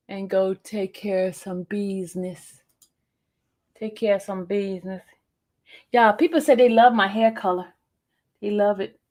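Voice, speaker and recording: A middle-aged woman hosting a live stream, chatting casually and laughing with viewers she calls y'all. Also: mid-range voice. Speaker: livestream host. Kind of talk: casual livestream chat.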